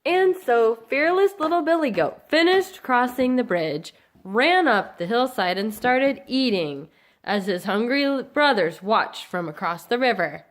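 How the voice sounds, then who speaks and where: An adult woman narrating a fairy tale in a measured, expressive read-aloud style for a home family play. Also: on the high side.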